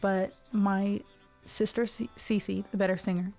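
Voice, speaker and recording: In a darkish, mid-range voice with little pitch movement, a woman in her twenties speaks unhurriedly while faint music plays behind her. She is a music streamer from Ohio with a neutral General American accent. She chats to her live stream audience in a rambling way, full of tangents and fillers.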